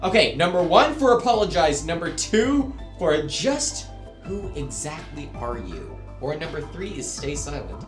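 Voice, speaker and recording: Excitable, profane male streamer; roomy sound with game music. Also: a little high, unhurried. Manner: excitable, swears freely, rambles. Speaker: streamer and co-host. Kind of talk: casual let's-play banter.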